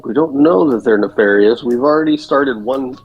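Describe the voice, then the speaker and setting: A man playing a tabletop game, chatting casually and reasoning things out in a measured way. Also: medium pitch, a little mellow, breathy edge, dull audio, soft background music. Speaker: player.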